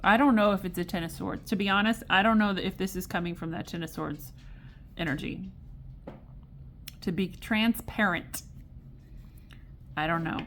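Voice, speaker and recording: A woman's voice: lowish voice, fairly even intonation, moderate pace, pauses often, fairly bright tone, slight background noise. A woman giving a casual tarot reading to camera, chatty and digressive, exasperated yet amused. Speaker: tarot reader.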